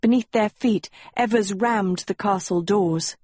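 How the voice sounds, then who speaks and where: A woman narrating a fairy tale audiobook in a slow, measured storytelling voice. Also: mid-range voice, a little mellow, husky, dry recording. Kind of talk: scripted narration.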